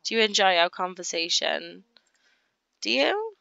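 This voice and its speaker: A woman giving casual gameplay commentary, chatting along and voicing her characters in quick asides. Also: medium pitch, big pitch swings, creaky, sharp tone, dry recording, lo-fi sound. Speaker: gaming YouTuber.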